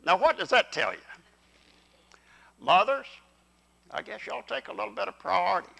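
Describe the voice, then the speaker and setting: An older man preaching a folksy, animated sermon in church. His voice sits fairly high and swings up and down a lot. It has a gravelly edge and a bright, forceful ring. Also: moderate pace, rough recording. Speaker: pastor. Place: church sanctuary.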